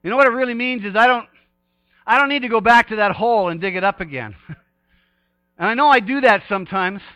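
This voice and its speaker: A man preaching a sermon with fervor, dropping to quiet tones and rising to loud bursts of praise. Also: high voice, fast, no room sound. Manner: fervent, swings from hushed to shouting praise. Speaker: pastor.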